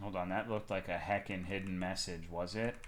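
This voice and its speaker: A man streaming a game, talking casually in a rambling, profane, excitable way, swinging from loud bursts to mumbled asides. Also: sits low, a little fast, background noise. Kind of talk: casual live-stream gameplay commentary.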